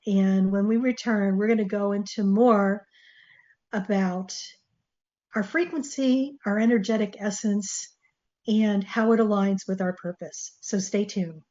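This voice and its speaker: A woman's voice: medium pitch, a little mellow. A woman hosting her own talk show, speaking earnestly with restarts and fillers, coughing and losing her voice. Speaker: show host. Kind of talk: solo talk show monologue. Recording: dull lo-fi sound.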